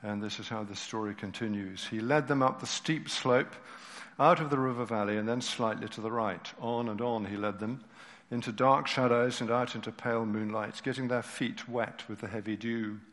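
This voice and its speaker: A man preaching a sermon, reading a story aloud and explaining scripture, expressive and dropping his voice low at tender moments. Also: moderate pace. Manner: expressive, dropping to near-whispers at moving moments. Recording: reverberant hall.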